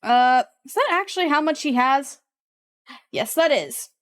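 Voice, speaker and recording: A woman's voice: high-pitched, animated, unhurried, a bit bright. A young woman running a tabletop game, thinking aloud while she checks the rules. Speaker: game master.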